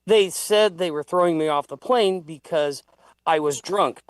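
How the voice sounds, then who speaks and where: A man's voice: on the high side, unhurried, no room sound. A man telling a heated, profane story in a casual livestream chat. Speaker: guest.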